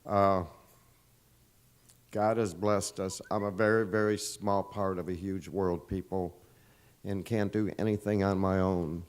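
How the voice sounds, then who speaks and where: A man's voice: sits low, fairly even intonation, a little slow. A man, leader of a volunteer search group, giving an earnest, emotional statement at a press conference. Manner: earnest, emotional, insistent and repetitive.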